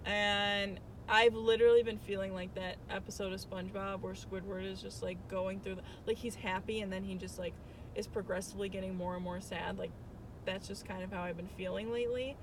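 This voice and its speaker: A woman in her twenties talking frankly into her phone from a car, rambling and swearing, sounding worn down. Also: medium pitch. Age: 20s. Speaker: vlogger. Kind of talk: candid confessional vlog. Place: in a car, outdoors, by an urban street. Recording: phone recording with clear traffic noise. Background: traffic noise.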